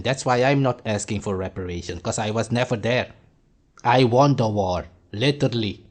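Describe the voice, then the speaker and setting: A man rants in a heated, insulting way. He repeats his points forcefully and talks at a middling pitch. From Suriname. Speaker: commentator. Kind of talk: angry reaction rant.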